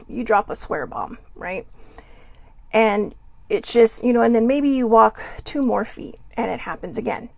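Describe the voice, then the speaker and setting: A woman's voice: mid-range voice, gravelly, dry recording. A woman hosting her own show, talking casually about emotions, chatty and self-deprecating, full of rhetorical questions. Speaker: host. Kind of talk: casual motivational talk.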